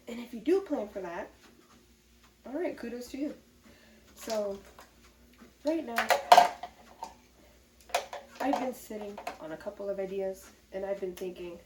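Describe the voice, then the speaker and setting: A woman's voice: medium pitch, animated, a little slow, long pauses, noisy background. A woman talking candidly to the camera in a casual vlog, chatty and upbeat about a hard time. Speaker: vlogger. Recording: echoey room from some distance, faint ambience.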